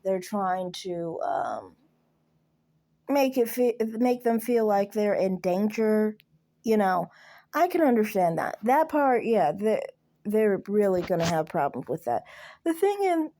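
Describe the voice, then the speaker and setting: A woman guest in a casual discussion who talks in a measured, hesitant way with fillers. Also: mid-range voice, big pitch swings, warm tone.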